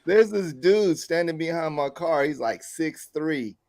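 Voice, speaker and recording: A man co-hosting a podcast in casual chat, telling stories with animated, acted-out quotes. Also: fairly high pitch, a little slow. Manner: animated storyteller acting out quoted arguments. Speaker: podcast co-host.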